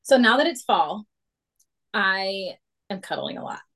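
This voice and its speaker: A woman's voice: medium pitch, lively intonation, a little slow, fairly bright tone. A woman co-hosting a podcast in casual chat, giggling and fumbling her intro takes. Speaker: podcast co-host.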